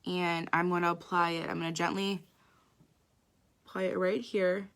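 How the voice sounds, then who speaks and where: A woman's voice: lowish voice, flat delivery, normal speed, a bit bright. A woman makeup artist giving a chatty live makeup tutorial, talking straight to her viewers.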